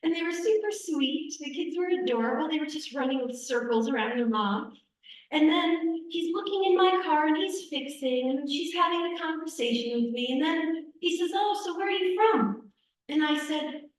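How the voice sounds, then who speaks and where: High-voiced woman telling a story in an echoey hall. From United States. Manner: conversational, vivid storytelling with repetitions for emphasis. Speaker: invited speaker. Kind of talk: personal storytelling talk. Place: church hall. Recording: echoey hall, speaker far from mic.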